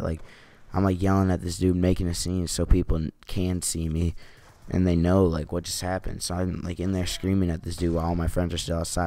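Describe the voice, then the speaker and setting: A man's voice: low voice, flat delivery, a little fast, mellow. A teenage boy at home telling a story in a casual, rambling way, saying "like" a lot and swearing. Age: teens. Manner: rambling, heavy use of "like", swears. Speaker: vlogger.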